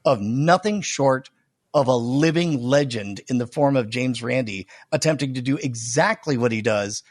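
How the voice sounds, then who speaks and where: A man's voice: medium pitch, moderate pace, dry recording. Brief: male podcast guest, dry close sound, casual chat with dramatic trailer-voice flourishes. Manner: dramatic movie-trailer delivery at times.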